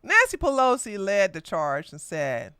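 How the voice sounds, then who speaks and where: A woman's voice: mid-range voice, huge pitch swings, unhurried, pushed and bright, clear, resonant tone, no echo. A woman hosting a livestreamed political commentary podcast, talking in a combative, mocking way with frequent laughter. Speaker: podcast host.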